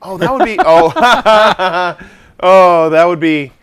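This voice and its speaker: A man's voice: high-pitched, animated, slow pace, a bit bright, clean tone. A man co-hosting a casual comedy talk show, joking around animatedly and swearing freely. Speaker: co-host.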